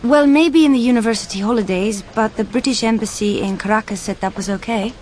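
A woman's voice: on the high side, fast talker, a little mellow, natural voice. A woman playing a young female student arriving at an airport abroad, in a scripted dialogue for learners, speaking politely and eagerly.

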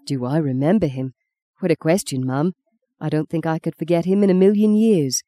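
A woman's voice: low-pitched, moderate pace, dark tone, no room sound, clean studio sound, natural voice. Woman voicing an earnest young would-be priest. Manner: pleading, heartfelt. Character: earnest young man set on becoming a priest. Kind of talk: audiobook character reading.

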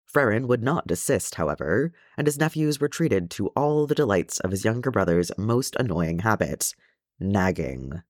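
A man narrating a fan fiction story as an audiobook, with an expressive storytelling delivery. His voice is on the low side and swings widely in pitch. The sound is close and dry. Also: normal speed, no echo. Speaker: audiobook reader.

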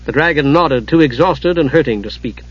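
A man narrating a fantasy audiobook in a steady, dramatic reading, on a dull lo-fi recording. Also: on the high side, normal speed, husky.

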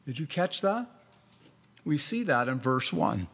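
A man preaching a sermon as pastor, emphatic and deliberate, repeating phrases for weight. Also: mid-range voice, big pitch swings, creaky, a bit bright, slightly rough. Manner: slow and deliberate, drawn-out phrases.

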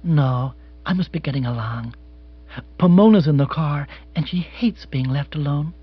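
A man's voice: fairly high pitch, moderate pace, husky, no room sound, lo-fi sound. A man doing a gushing rich widow. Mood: genteel. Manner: gushing, earnest and genteel. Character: wealthy American widow, gushing and dreamy. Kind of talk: audiobook reading.

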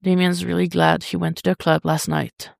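A reader narrating a fan story as an audiobook, in an intimate, even delivery. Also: medium pitch, moderate pace, creaky, no echo, clean studio sound. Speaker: podfic reader.

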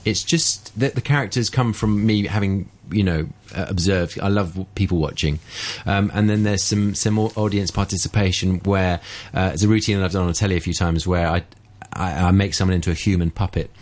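A man's voice: low-pitched, a little fast, hardly any pauses, darkish tone. A man guesting on a radio show as a ventriloquist, explaining and demonstrating his technique in casual chat.

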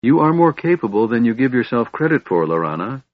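A man voicing a wise older cleric who speaks gently but firmly, in a fatherly way, read from an audiobook. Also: medium pitch, sing-song, fairly quick, dry recording. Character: wise older male cleric, calm and firm. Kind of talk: audiobook reading. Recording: dull dry recording.

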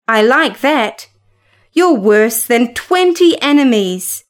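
A woman's voice: a little high, lively intonation, takes it slowly. A woman reading aloud as a lovesick eighteen-year-old girl, indignant and close to tears.

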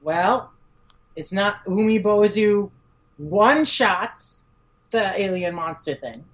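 A woman in a relaxed podcast chat, retelling a story with plenty of "like" and "uh". She jumps into quick, higher voices when she quotes the characters. Her voice sits at an ordinary middle pitch. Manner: many "like" fillers, acts out characters' lines in quick raised voices. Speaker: podcast guest. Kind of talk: casual manga recap.

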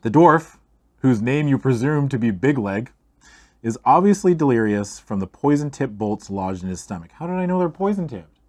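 A man's voice: mid-range voice, moderate pace. Man reading a fantasy adventure aloud. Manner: steady storytelling read-aloud, second person. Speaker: game reader.

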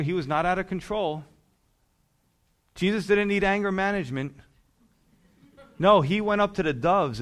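Animated, chatty man preaching a sermon. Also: fairly high pitch. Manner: animated, conversational preaching with laughs. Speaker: pastor.

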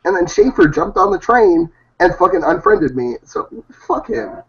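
A man from Hawaii, a hobby rapper, talking loud, brash and profane in a casual interview. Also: high voice, expressive, normal speed. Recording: dull lo-fi audio.

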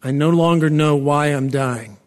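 A man playing a blunt, plodding prison guard in a radio drama, slow and literal. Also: on the high side, long reverb tail, close to an everyday voice. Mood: gruff.

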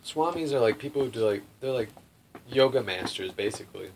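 A young man tells a personal story in loose, casual conversation. His voice sits at an ordinary pitch. He rambles, leans on "like" and profanity, and breaks into laughter, with a faint hiss in the background. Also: lively intonation, fairly quick, a little mellow. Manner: rambling, full of "like" and swearing, laughs often.

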